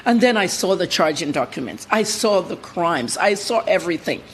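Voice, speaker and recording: A woman's voice: fairly low pitch, moderate pace, a little hiss or hum. Blunt woman journalist. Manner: blunt, animated storytelling. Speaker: journalist guest. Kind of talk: TV news interview.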